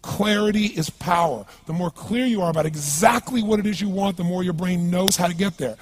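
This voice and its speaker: A man's voice: sits high, fairly quick, a little hiss or hum. A man giving a motivational seminar talk to a live audience, emphatic and full of rhetorical questions to the crowd. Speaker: motivational speaker.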